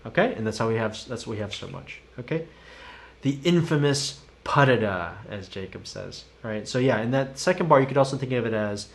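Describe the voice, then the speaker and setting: A man's voice: mid-range voice, normal speed, loud music behind the voice. A man teaching a live-streamed drum lesson. He talks through rhythms by chanting the sticking in syllables, casually and encouragingly, and chats with viewers.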